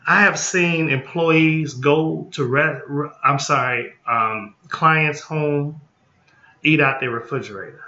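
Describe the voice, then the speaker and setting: In an echoey, slightly muffled room, a man delivers a loose training session as a group home licensing consultant. He's folksy and blunt, restating points and checking in with "okay?" His voice sits on the high side, pushed and bright, at a slow pace.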